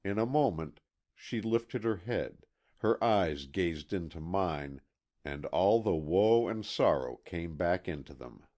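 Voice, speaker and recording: A man reading a classic mystery novel aloud as an audiobook narrator, measured and expressive. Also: deep voice. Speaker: audiobook reader.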